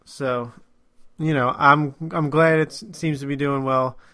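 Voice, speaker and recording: A man's voice: mid-range voice, fairly even intonation, measured pace, sharp tone. Man, podcast co-host, casual movie talk, laid-back, chuckles and trails off.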